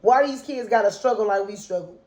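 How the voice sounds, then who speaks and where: A woman's voice: medium pitch, fairly quick, darkish tone, a little hiss or hum, low-quality recording. A mother speaking straight to her viewers in an unscripted vlog monologue. She is impassioned and ranting, piles up rhetorical questions, and uses casual slang, calling her audience "y'all". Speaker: mother and kids' advocate.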